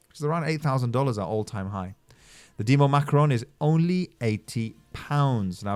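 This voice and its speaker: A man hosts his own channel and talks through a screen-share explainer. He is upbeat and salesy, and his pitch and loudness swing widely. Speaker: channel host reviewing mining projects.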